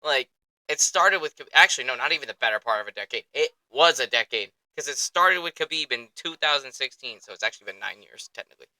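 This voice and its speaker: Bright-voiced young man, fast casual podcast talk. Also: medium pitch, no echo, poor audio. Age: young adult. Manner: excitable, profane, rambling. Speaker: podcast host. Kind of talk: casual chat.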